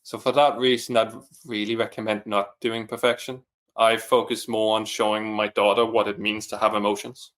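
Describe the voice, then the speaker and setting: In a casual interview chat, a single father who is a coaching client shares his experience earnestly and reflectively. His voice sits somewhat low and a bit bright, with a level tone at a normal speed.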